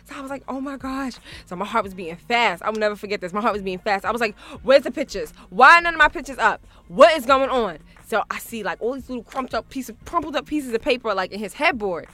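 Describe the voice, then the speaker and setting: A woman's voice: on the high side, animated, fast talker, few pauses, pushed and bright. A woman hosting a radio show, telling a story in casual chat, laughing often and acting out both sides.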